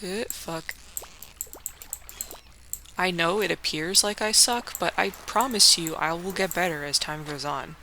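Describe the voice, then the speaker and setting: A young woman chatting over her gameplay in a loose, rambling way, swearing and peppering her talk with fillers. Her voice is on the low side, with gravelly fry and a bright, forceful edge. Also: unhurried, pauses often, slight background noise. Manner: rambling, profane, full of likes. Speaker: let's play host. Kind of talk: casual gaming commentary.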